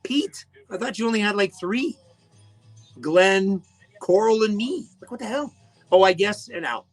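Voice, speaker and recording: Man, radio host, high-pitched, casual jokey chat, faint music underneath. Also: a little slow. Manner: chatty, jokey, greets listeners by name.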